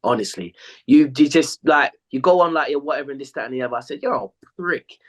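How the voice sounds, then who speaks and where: An English former footballer co-hosts a casual football podcast, telling stories animatedly, acting out quotes, and swearing freely. He speaks fast at a medium pitch.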